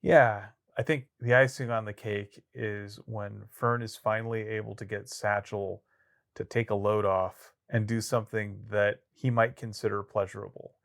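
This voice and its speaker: A man's voice: on the low side, steady tone, moderate pace, creaky, fairly bright tone. A man co-hosting a podcast, talking through a novel in an easygoing way with joking asides. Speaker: podcast co-host. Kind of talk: casual book discussion.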